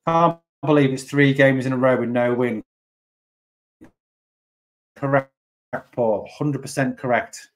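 A man's voice: mid-range voice, fairly even intonation, unhurried, long pauses. A man hosting a live fan stream, reacting to a match result. He sounds angry and deflated, repeats himself and swears a lot. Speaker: fan channel host.

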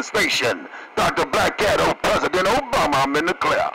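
A man's voice: on the high side, lively intonation, normal speed, creaky, hardly any pauses. A man trading jokes over CB radio, using radio lingo and laughing between lines. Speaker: CB radio operator. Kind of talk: CB radio banter. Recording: noisy CB radio transmission.

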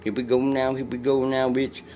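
A man's voice: mid-range voice, completely flat delivery, moderate pace, dark tone, a little hiss or hum. A man vlogging in a rambling, profane way, coaxing and talking to an unseen presence and his dog.

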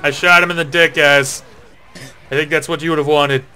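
A young man chatting casually while playing a game with friends, joking and swearing, sometimes breaking into shouts. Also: on the high side, steady tone, moderate pace, slight background noise, poor audio. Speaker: gamer. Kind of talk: casual gaming chat.

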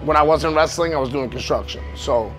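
A man's voice: on the high side, brisk, fairly bright tone, soft background music. A man, a professional wrestler telling his story in a candid sit-down interview, emotional and rambling. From New York. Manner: emotional, rambling, frequent "you know what I mean".

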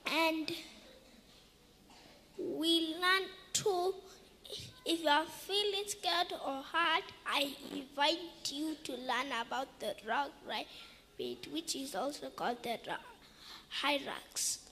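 A woman's voice: high-pitched, slow pace, sharp tone. A woman leading an earnest prayer at a church children's corner. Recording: echoey church with faint noise.

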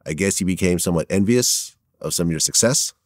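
A man hosting an interview, recapping events in a measured way before asking questions. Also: deep voice, lively intonation, no room sound, studio quality. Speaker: interview host.

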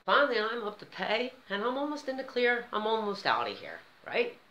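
A woman's voice: fairly high pitch, very animated, a little fast, sharp tone, reverberant, lo-fi sound. An American woman telling a personal story in a conversational vlog style, with an American accent. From United States. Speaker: vlogger.

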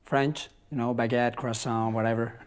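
A man's voice: mid-range voice, fairly even intonation, normal speed, close to an everyday voice. An actor playing an awkward man stuck in a lift who fills the silence with rambling, nervous chatter. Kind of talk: film drama acting.

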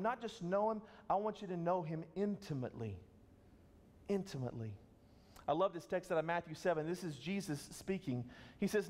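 High-voiced pastor preaching in a hall. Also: male voice. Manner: earnest, conversational preaching with emphatic repetitions. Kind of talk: sermon.

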